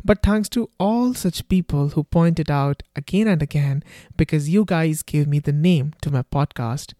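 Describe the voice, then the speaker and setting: A man with an Indian accent giving a scripted introduction to his podcast as its host, in a steady, rehearsed delivery. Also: a little high, measured pace. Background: faint guitar music.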